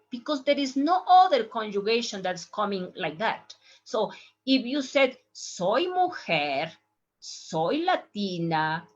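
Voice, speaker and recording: A young Ecuadorian woman, a native Spanish speaker with an Ecuadorian accent, teaching a Spanish lesson from slides and slowly modeling pronunciation. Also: mid-range voice, dull audio. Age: young adult. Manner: slow, deliberate modeling of pronunciation. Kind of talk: slide-based language lesson.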